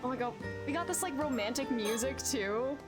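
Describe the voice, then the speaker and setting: A woman's voice: high voice, expressive, normal speed, loud music behind the voice. A woman streamer giving giggly, self-mocking commentary while playing a story game. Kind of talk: casual gameplay commentary.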